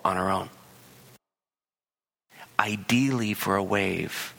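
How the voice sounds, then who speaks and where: Man, pastor, sermon, gravelly voice, bright forceful tone, animated delivery. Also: on the low side. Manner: animated, acts out voices in quoted dialogue.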